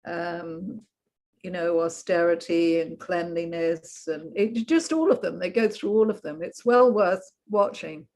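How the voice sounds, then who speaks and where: A woman taking part in a video call chat. She talks very slowly and deliberately. Her praise is enthusiastic and effusive. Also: lowish voice, a little mellow. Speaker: participant. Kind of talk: casual chat.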